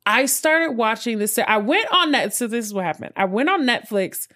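A woman in casual, animated chat who swears a lot and jumps into quick asides. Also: on the high side.

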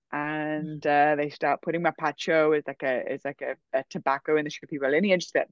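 A woman casually telling a long personal story, full of fillers like "like" and "um", animated in her delivery. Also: low voice, no room sound, muffled recording.

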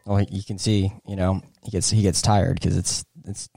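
A man's voice: deep voice, flat delivery, normal speed, gravelly, warm tone, no echo. A man co-hosting a casual chat, laid-back and matter-of-fact with short replies. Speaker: podcast co-host.

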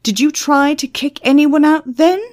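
A woman's voice: high-pitched, a little slow, a little mellow, pitched above the performer's own voice. A woman voicing a cool, commanding female former spy who speaks in a cold, controlled way.

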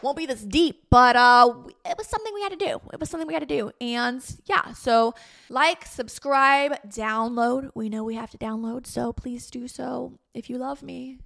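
Bright, chatty young woman podcaster. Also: a little high, moderate pace. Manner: chatty and candid, with bursts of loud playful emphasis. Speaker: podcast host. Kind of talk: casual solo podcast talk.

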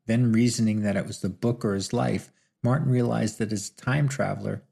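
A man's voice: on the low side, gravelly, mellow, husky. A man reading a novel aloud as audiobook narration, in a dry, wry storytelling manner. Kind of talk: scripted narration.

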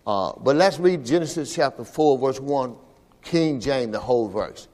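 Animated yet a little slow, the pastor's medium-pitched voice has a slightly mellow quality and a long reverb tail. During the church service he preaches in call-and-response, calling out "all right" to the congregation over and over.

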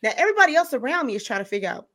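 Animated, laughing woman podcast host. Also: high voice, racing. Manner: laughs often, animated storytelling. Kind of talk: casual chat.

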